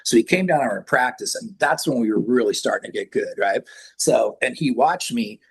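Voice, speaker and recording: Husky older guy in an interview, rambly, keeps acting out sounds and what people said. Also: mid-range voice, expressive, fairly quick. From San Francisco Bay Area. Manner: rambling storyteller, acts out sounds and quotes. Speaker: rock singer, interview guest. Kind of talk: casual interview chat.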